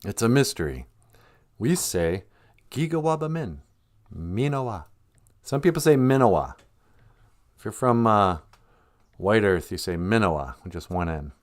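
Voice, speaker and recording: A man's voice: sits low, expressive, normal speed. A man hosting a podcast in a casual comedic monologue, rambling and laughing often between jokes. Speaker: podcast host.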